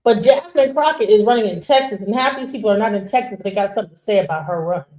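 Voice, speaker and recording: A woman hosting a stream, giving casual, animated commentary. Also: mid-range voice, quick pace, echoey room, rough recording. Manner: animated, conversational, mocking impressions. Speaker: streamer host.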